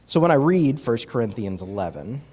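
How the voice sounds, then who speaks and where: A man giving a reflective communion talk and prayer in a church, pausing often and using fillers. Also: mid-range voice, sing-song, warm tone. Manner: reflective, with many pauses and fillers. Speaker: communion meditation leader. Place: church sanctuary. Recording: long hall reverb from a distance.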